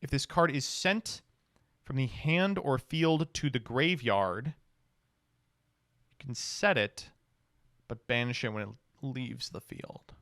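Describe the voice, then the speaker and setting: A streamer reading card text aloud in a casual review, stopping for blunt, swearing reactions. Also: male voice, medium pitch, slow pace, pauses often, fairly bright tone, no echo, studio quality.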